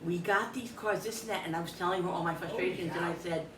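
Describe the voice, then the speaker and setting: A middle-aged woman chats while cooking in her kitchen, retelling a frustrating story in an animated, exasperated way and acting out the other people in it. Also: on the low side, quick pace, crowd noise. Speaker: cooking vlogger. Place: home kitchen. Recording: echoey room, distant mic, background hum.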